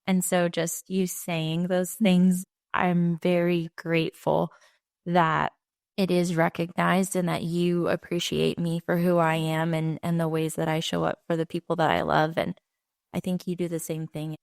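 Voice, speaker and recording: Gravelly, even-toned woman podcast host. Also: lowish voice, no room sound, clean studio sound. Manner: measured and sincere, speaks in long reflective sentences. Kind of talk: warm conversational interview.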